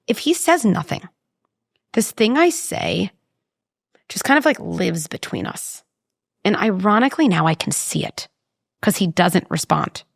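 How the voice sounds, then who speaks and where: Woman, lively pitch, slightly gravelly, dry studio sound, animated explainer. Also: no echo. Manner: animated, explains with vivid examples and acted quotes. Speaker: parenting psychologist guest. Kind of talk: conversational interview.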